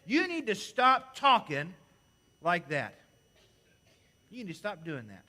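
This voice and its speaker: A man's voice: a little high, sing-song, a little slow, pushed and bright, exaggerated voice. A man acting out an alarmed male disciple who urgently protests and pleads with his teacher. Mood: alarmed, pleading.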